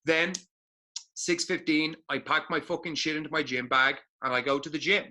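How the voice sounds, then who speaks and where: A man's voice: on the high side, normal speed, bright, forceful tone. A man co-hosting a podcast, giving blunt motivational talk full of swearing and emphatic repetition. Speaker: podcast co-host.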